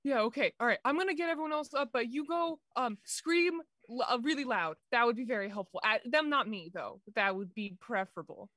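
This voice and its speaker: A woman's voice: on the high side, lively intonation, a little fast, few pauses, fairly bright tone, no room sound, studio quality. A woman playing a tabletop game, talking in character with wry, rambling joking asides. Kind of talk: casual in-character play.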